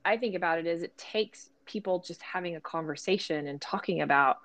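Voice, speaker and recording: Lower-pitched woman thinking aloud on a podcast. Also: fairly bright tone. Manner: thoughtful, self-searching, quick asides. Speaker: podcast co-host. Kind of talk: casual conversational podcast.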